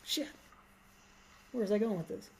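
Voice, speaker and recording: A giggly woman co-hosting a casual film podcast. She talks at an everyday pitch and keeps breaking into laughter. Now and then she drops into silly voices to quote movie lines. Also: moderate pace, slightly rough. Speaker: podcast co-host.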